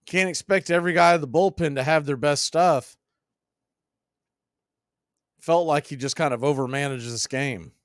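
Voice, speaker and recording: A man calling baseball play-by-play for a fan radio stream, steady with wry asides. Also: fairly high pitch, normal speed, long pauses, no room sound, clean studio sound. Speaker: play-by-play announcer.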